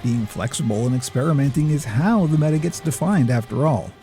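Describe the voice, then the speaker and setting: This male gaming video host delivers deliberate, elevated narration from a script, with a slightly pretentious air. His mid-range voice is warm and mellow, moving up and down in an animated way over faint background music.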